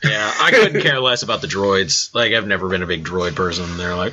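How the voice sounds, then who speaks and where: A man's voice: low-pitched, lively intonation, a little fast, few pauses, pushed and bright. A man co-hosting a casual podcast, grumbling profanely. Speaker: podcast co-host. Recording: dull lo-fi audio with faint noise.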